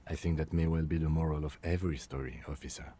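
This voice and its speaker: A man playing a calm, methodical police lieutenant in a video game, dictating an autopsy in a measured, dry way. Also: rumbling low, slightly rough. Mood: calm, clinical. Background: faint game music.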